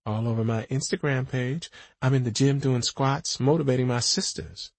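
A man's voice: medium pitch, moderate pace, dry recording, pitched above the performer's own voice, lightly acted. A man voicing a brash, playful young woman singer in an audiobook, with a teasing, showy way of talking.

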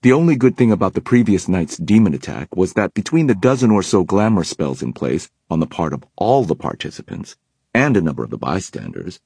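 A man with a husky voice narrating an audiobook in a steady storytelling manner. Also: deep voice, no room sound.

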